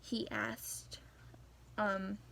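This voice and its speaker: Slow, gravelly teen girl ranting. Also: mid-range voice, level tone, fairly bright tone. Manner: rambling, gossipy storytelling with frequent restarts and asides. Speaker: vlogger. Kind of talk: casual rant.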